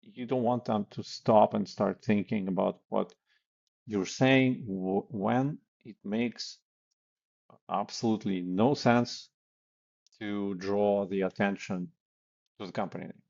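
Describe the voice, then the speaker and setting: Slow-talking low-voiced guy giving blunt cold call tips, kinda muffled audio. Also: creaky, darkish tone. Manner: blunt, conversational, many fillers and acted example lines. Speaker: sales coach. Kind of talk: casual instructional talk.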